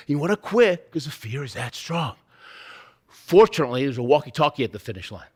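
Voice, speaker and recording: A man giving a motivational keynote in a fairly high, very animated voice. He tells his story vividly and dramatically, acting out moments with sound effects. He pushes his points home with emphatic rhetorical questions. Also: brisk, husky. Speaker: keynote speaker.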